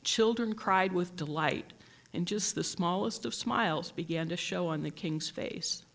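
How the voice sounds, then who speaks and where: A teacher reading a picture book aloud in a gentle, measured storytelling manner. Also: medium pitch, gravelly.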